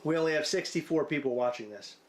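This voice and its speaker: A man's voice: fairly high pitch, quick pace. A man co-hosting a podcast, rambling through crude, absurd hypotheticals with profane banter. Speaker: podcast co-host.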